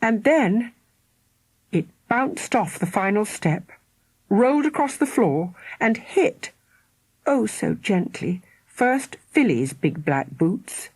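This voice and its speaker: A woman narrating a children's audiobook in an expressive storytelling way, with dramatic pauses. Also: mid-range voice, breathy edge, dry recording. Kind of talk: scripted narration.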